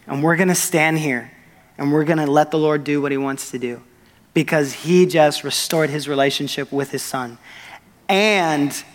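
A young man preaching a sermon, telling a story with quoted dialogue in an earnest, excited manner. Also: fairly high pitch. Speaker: pastor. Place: church sanctuary. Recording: long reverb of a church hall.

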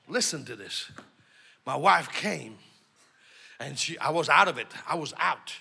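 Male preacher, piercing bright voice, very lively pitch, shouts to the congregation, quiet storytelling in between. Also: a little slow, vocal fry, pauses often, slightly rough. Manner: shouting call-and-response exhortation. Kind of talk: sermon. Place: church service.

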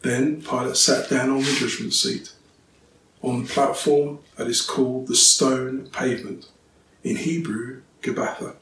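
A man reading scripture aloud and then preaching on it in a steady, clear way. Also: medium pitch, unhurried, slight background noise. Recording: roomy, distant, faint ambience.

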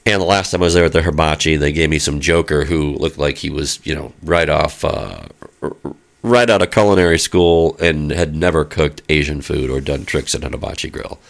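Man, middle-aged, deep voice, gravelly texture, chatty rambling anecdote, mouth sound effects. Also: fairly quick. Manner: rambling, animated, lots of fillers and sound effects. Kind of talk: casual storytelling.

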